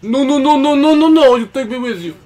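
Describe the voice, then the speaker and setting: A man voicing an anxious young girl who pleads and frets loudly in a fan dub of game dialogue. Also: extremely high pitch, animated, fairly quick. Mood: pleading.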